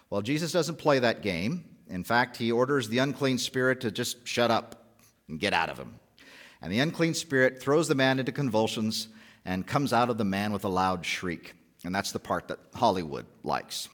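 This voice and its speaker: Low-voiced male pastor preaching. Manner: conversational, asks rhetorical questions. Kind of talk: sermon.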